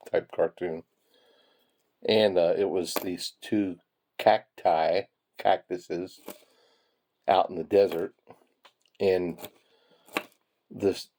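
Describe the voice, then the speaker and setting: A man's voice: low voice, warm tone, slight background noise. A man telling rambling, chuckling anecdotes while sorting pennies. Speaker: penny hoarding hobbyist. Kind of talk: casual storytelling while sorting coins.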